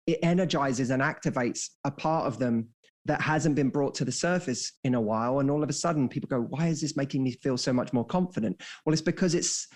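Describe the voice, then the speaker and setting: A man in his thirties, a dating coach on a podcast, explaining ideas through stories and acting out quoted dialogue. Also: mid-range voice. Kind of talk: casual podcast conversation.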